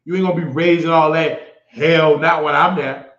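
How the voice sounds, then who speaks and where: A man's voice: fairly high pitch, fairly even intonation, normal speed, fairly bright tone. Blunt man host in an echoey room. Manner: blunt, mocking trash talk at viewers. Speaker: livestream host. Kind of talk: casual commentary on a live stream. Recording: echoey, slightly dull sound.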